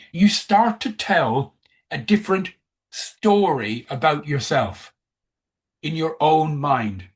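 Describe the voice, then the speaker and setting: A man's voice: fairly high pitch, expressive, slow pace. A man giving a coaching presentation, emphatic, who repeats key phrases.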